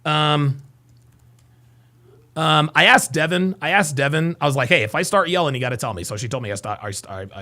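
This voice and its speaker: A man hosting a live reaction stream, reading viewer super chats and reacting with excitable, incredulous commentary. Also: a little high, moderate pace. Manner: animated, voice rising often, excitable.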